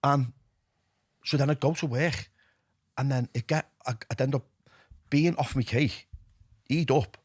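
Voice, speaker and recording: A middle-aged man with a Liverpool accent, telling his own story as a podcast guest, lively and candid, dropping to a hush when he quotes himself. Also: mid-range voice, unhurried, pauses often, dry recording, clean studio sound. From England. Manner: animated, drops to a hushed voice when quoting himself.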